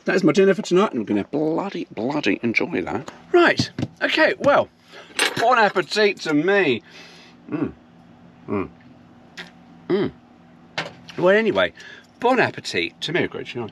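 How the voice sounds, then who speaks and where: A man's voice: mid-range voice, slight background noise. A man chatting casually to camera while cooking in his campervan, sweary and chatty, sounding tired. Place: inside a campervan. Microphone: camera mic.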